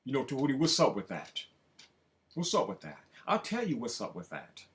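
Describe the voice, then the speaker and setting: Emphatic preaching man, lively pitch. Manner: emphatic and preachy, slow drawn-out phrases with sudden loud rises. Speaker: spiritual self-help speaker. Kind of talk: preaching monologue to camera.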